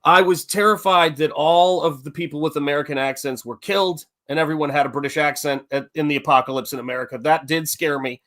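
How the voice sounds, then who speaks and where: A man's voice: on the high side, fairly even intonation, fast talker, few pauses, fairly bright tone. A man talking casually as host about Westerns, rambling and correcting himself as he goes. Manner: rambling, self-correcting, enthusiastic fan talk. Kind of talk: casual chat about movies.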